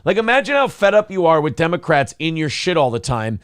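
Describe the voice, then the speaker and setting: A man's voice: on the high side, big pitch swings, a little fast, clear, resonant tone, dry recording, studio quality. A man co-hosting a casual morning talk show, blunt and sarcastic, with plenty of swearing. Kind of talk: casual political talk show, reading chat comments.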